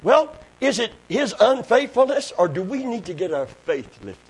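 A man preaching a sermon, dropping to quiet, intimate talk and rising to shouted praise. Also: high voice, big pitch swings, normal speed, husky, poor audio.

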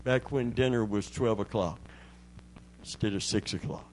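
A man's voice: fairly low pitch, steady tone, moderate pace, a little mellow, a little hiss or hum, low-quality recording. A man preaching a sermon as pastor, telling folksy stories with call-and-response asides.

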